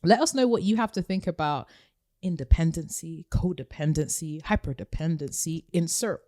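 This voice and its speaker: Low-voiced earnest woman podcaster. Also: moderate pace, dark tone, dry recording, studio quality. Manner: earnest, reflective advice-giving. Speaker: podcast co-host. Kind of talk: casual podcast chat.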